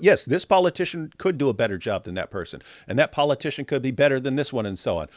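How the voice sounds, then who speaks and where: A man co-hosting a live stream talks in a casual, emphatic way at a middle pitch. He repeats key phrases and sometimes mocks other people in a put-on voice. The sound is dry and close to the mic. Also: big pitch swings, quick pace, hardly any pauses, no room sound. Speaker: co-host of a live talk stream.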